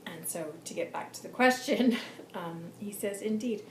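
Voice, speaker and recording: A woman's voice: fairly low pitch, lively intonation, a little slow. A woman with a scratchy, tired voice talks to her viewers in a loose, chatty way, full of "like" and "you know." The recording is echoey, with constant noise behind her. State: scratchy, hoarse, fatigued voice. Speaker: intuitive channeler and vlog host. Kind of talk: casual vlog monologue. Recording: echoey room with background noise.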